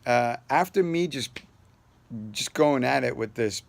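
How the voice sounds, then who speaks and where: A male vlogger tells a personal story to the camera, rambling loosely with fillers and restarts, then closes on an earnest, upbeat sign-off. His voice is medium-pitched, unhurried, and creaky.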